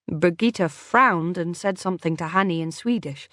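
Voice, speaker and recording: A woman's voice: on the low side, normal speed, hardly any pauses, fairly bright tone, no room sound. Woman narrating an audiobook, dry sound. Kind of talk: first-person audiobook narration.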